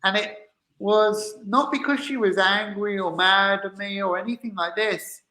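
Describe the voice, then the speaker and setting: A man's voice: high-pitched, steady tone, measured pace, bright, forceful tone, echoey room, poor audio. A man co-hosting a candid personal conversation, speaking hesitantly with frequent restarts as he recounts past exchanges. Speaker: co-host.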